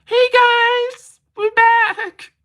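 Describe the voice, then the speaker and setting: A man putting on a high, whiny impression of a young male YouTuber. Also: little pitch movement, very slow, sharp tone, exaggerated voice.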